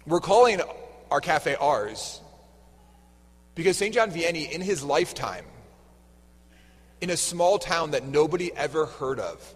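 A man preaching a homily with a fairly high voice, talking casually and tossing questions at the congregation. His words ring out in a large, echoing church hall. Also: breathy edge. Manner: conversational, quizzes the congregation. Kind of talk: sermon.

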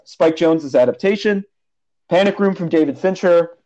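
A young podcast co-host with a highish, slightly mellow voice chats casually at a normal speed, rambling and laughing often. The audio is dull and lo-fi.

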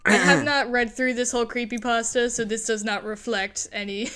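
Sarcastic woman with a higher voice. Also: steady tone, a little fast, fairly bright tone, smooth. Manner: sarcastic asides, frequent "like". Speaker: podcast co-host. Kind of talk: casual comedic chat.

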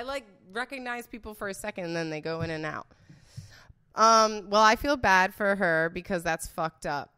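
A woman's voice: mid-range voice, moderate pace, pushed and bright, clean tone. A woman chatting casually as a guest guessing celebrity scandals, blunt and rambling, swearing freely and laughing often. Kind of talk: casual unscripted chat.

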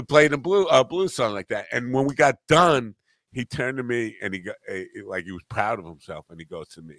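A man's voice: mid-range voice, lively intonation, brisk, a bit bright, no echo. A man in his fifties hosting a podcast, telling rambling stories that keep breaking off, and laughing at his own tales. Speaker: podcast host. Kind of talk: casual chat, storytelling.

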